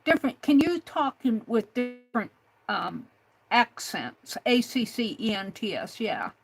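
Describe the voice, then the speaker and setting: A woman hosting a casual livestream, her voice a little high. She speaks slowly and hesitantly, pausing to search for words as she passes along questions from her viewers. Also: big pitch swings, husky, soft background music, poor audio. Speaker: livestream host.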